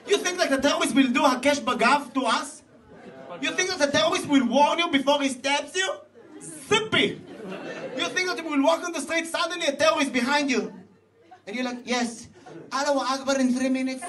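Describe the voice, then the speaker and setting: An Israeli man performing stand-up comedy in animated, broken English, laughing at his own jokes, recorded from a stage before a live audience. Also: very high voice, background noise. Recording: distant stage mic, loud audience laughter.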